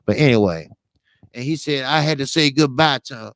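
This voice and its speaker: The host of a boxing talk show tears into fighters, his casual commentary monologue packed with rambling, profane stories and emphatic scolding. His voice is medium-pitched and fairly bright, the pace fairly quick, and there's no echo.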